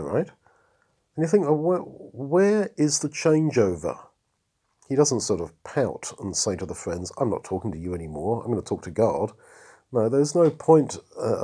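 A man giving a reflective sermon on a Bible passage, rising for emphasis between pauses. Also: on the low side, mellow, husky. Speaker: preacher.

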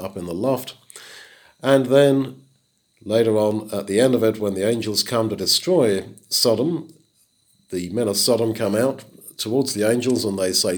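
A middle-aged man with a fairly low voice teaches from the Bible in a relaxed, conversational manner. He pushes his voice up sharply on the words he wants to stress. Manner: conversational, with emphatic rises on key words. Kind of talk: expository Bible talk.

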